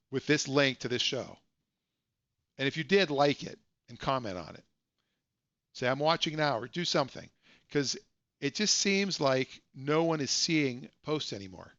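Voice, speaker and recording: A man's voice: on the high side, vocal fry, a bit bright, no room sound, lo-fi sound. Rambling man hosting a live stream. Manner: rambling, self-correcting storyteller. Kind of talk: casual live-stream chat.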